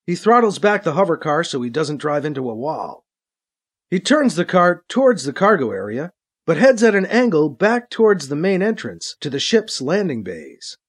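A man narrating a science-fiction story with a dramatic, expressive reading. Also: fairly high pitch, normal speed. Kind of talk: audiobook narration.

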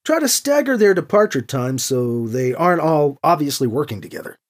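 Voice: mid-range voice, very animated, normal speed, lightly acted. A narrator voicing a young man who is uneasy and guilty, trying to sound friendly, for an audiobook. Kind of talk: audiobook character reading.

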